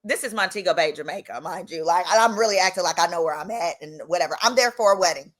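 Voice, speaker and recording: A woman attorney hosting a casual storytime vlog, with a strong accent and an animated, chatty delivery that slips into voices for dialogue. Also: fairly low pitch, fast talker. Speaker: attorney and channel host.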